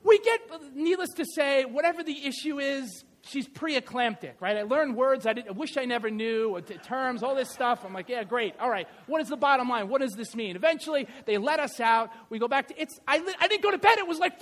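A pastor delivers a sermon in a strikingly high voice. He tells the story in a lively, animated way and keeps checking in with his listeners. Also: brisk. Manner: animated storytelling, keeps asking the crowd "right?".

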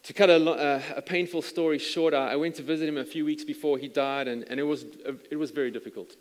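A man's voice: fairly high pitch, fairly even intonation, quick pace. A man preaching a sermon as a pastor, telling a story earnestly and stumbling over repeated words. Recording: long reverb from a large hall.

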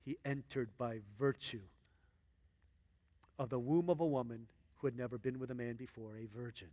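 A man preaching a sermon as pastor, acting out Bible characters in an excited voice and dropping low and hushed for earnest points. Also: normal speed. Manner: animated, acts out Bible characters in a high excited voice.

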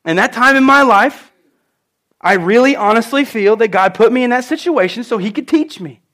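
Male preacher, light high voice, emphatic storytelling sermon. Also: lively intonation, moderate pace, a bit bright.

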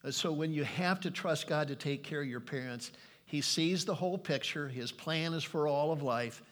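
A man's voice: fairly high pitch, moderate pace, a bit bright. An older man preaching a sermon, earnest and pleading, reading scripture aloud with emphasis. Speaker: pastor.

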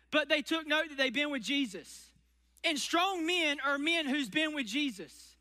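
A man's voice: very high-pitched, pushed and bright, big-room sound. A man preaching a sermon, folksy and emphatic, stretching key words for effect. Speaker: pastor.

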